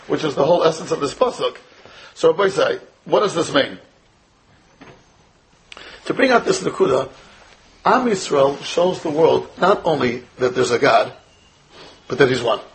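American man, rabbi giving a Torah lesson, high voice, rhetorical questions, faint noise behind. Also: low-quality recording. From United States. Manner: rhetorical questions to students, weaving in Hebrew and Yiddish terms. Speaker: rabbi teaching a class. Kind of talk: Torah lecture.

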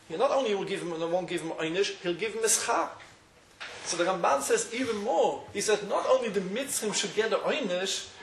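A man's voice: high-pitched, fairly bright tone, slight background noise. A man teaching a Talmudic study lecture. He chants the quoted sources in a singsong lilt. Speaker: Torah teacher. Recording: roomy echo with faint ambience.

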